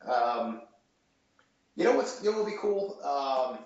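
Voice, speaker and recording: A chef in his thirties rambles through a casual podcast interview, full of fillers and restarts. His voice is medium in pitch and darkish, swings widely in pitch, and moves a little slowly. The audio sounds dull and roomy, with faint noise.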